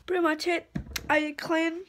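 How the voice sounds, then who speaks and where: A woman's voice: very high-pitched, little pitch movement, measured pace, heavy background noise. A young woman whose first language is Spanish, chatting casually to her vlog audience and repeating words as she thinks aloud. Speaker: vlogger.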